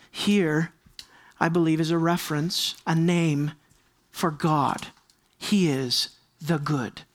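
A man's voice: high voice, fairly bright tone. A man preaching a sermon in an earnest way, often repeating key phrases for emphasis. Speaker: pastor.

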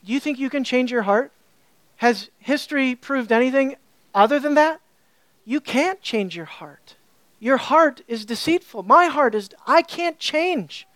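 A woman teaching a sermon, animated and full of rhetorical questions to her listeners. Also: sits high, a little slow, no echo. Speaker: Bible teacher.

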